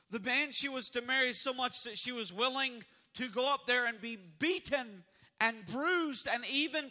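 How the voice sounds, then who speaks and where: Preacher guy in a church, really high bright voice, leads the crowd in shouts. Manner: preaching, leading congregation in call-and-response. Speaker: pastor. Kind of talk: sermon. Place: church sanctuary.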